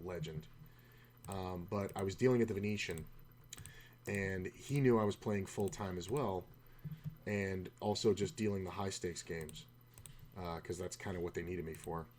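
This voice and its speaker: A man's voice: low-pitched, darkish tone, slight background noise. A man streaming poker who tells a long, rambling story in a casual, discouraged way, often stopping mid-sentence. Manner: rambling, self-interrupting, quotes others in his own voice. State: discouraged, low-key. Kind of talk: casual storytelling while playing.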